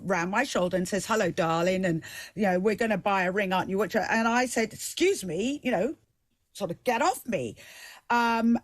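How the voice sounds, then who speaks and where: A middle-aged woman hosting a TV talk show, telling a story with animated emphasis. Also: medium pitch, no room sound. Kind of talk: live TV debate and personal story.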